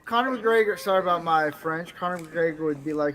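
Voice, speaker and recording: Teasing man with a high voice. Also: brisk, a bit bright. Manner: teasing, pushes the other to do voices. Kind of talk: casual chat.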